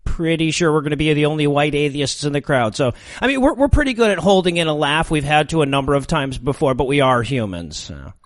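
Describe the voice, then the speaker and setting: A man hosting a comedy podcast, wry and brisk, laughing often with his co-host. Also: a little high, animated, no echo, clean studio sound. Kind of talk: casual podcast chat and outro.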